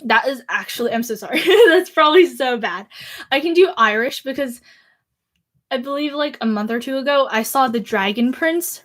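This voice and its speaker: Chatty young woman livestreaming, high voice. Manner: chatty, many "like" fillers, laughs often. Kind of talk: casual livestream chat, reading out viewer comments.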